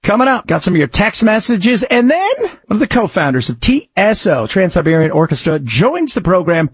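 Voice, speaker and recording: A man's voice: high voice, big pitch swings, moderate pace, husky, no echo. A man hosting a talk radio show, chatting in a rambling, conversational way with emphatic rises, close to a studio mic. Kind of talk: casual talk radio commentary.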